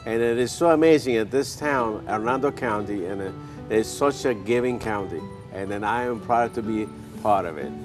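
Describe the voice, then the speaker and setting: Halting man hosting a cooking show. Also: lowish voice, music in the background. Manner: warm, halting, with many "uh"s.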